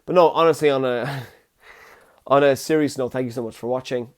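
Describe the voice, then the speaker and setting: A young Irish man with a mid-range voice and moderate pace hosts a casual solo podcast, recording on his phone alone in his room. He's jokey and self-deprecating, and the talk rambles.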